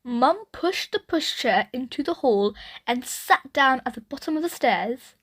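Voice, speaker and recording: A woman reads a children's picture book aloud in a high, bright voice. Her storytelling is lively and expressive, taken at an unhurried pace with wide swings of pitch. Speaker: storybook reader.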